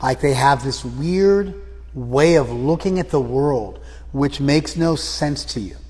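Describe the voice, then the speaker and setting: Male teacher, mid pitch, probing and repetitive in his questions, long reverb. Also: expressive, slow pace, a little mellow, husky. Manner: probing, repeats and rephrases questions. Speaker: teacher of a scripture class. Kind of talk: lecture with questions to the class. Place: class room, some students joining by phone.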